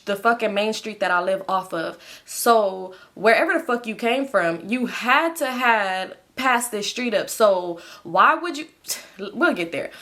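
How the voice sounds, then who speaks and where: Young woman, storytime vlogger, slangy and swearing, talks straight to viewers. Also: medium pitch. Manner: animated, slangy, swears freely, addresses viewers as y'all. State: sleepy. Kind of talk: casual storytelling to camera.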